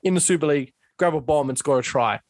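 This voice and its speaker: Young aussie bloke, kinda high voice, loud excited banter, dry close mic. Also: male voice, fast, no room sound. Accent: Australian. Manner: animated, swearing, laughing banter. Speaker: podcast co-host. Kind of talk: casual chat.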